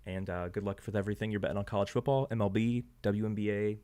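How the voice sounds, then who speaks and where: A man with a slightly low voice hosting a live stream from his desk, talking straight to his viewers. He rambles in a loose, promotional way, full of ums and uhs. His voice is starting to wear out. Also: steady tone, quick pace, mellow, clean tone. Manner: loose, filler-heavy, promotional. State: losing his voice. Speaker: host of a sports betting live stream. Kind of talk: casual live stream chat.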